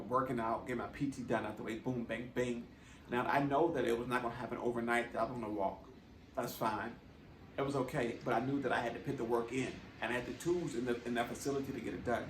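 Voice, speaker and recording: A man's voice: medium pitch, echoey room, recorded from a distance, slight background noise, low-quality recording. A man earnestly telling a personal testimony in a conversational way, often checking in with his listeners. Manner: earnest, conversational, tags with "right?". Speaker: vlogger.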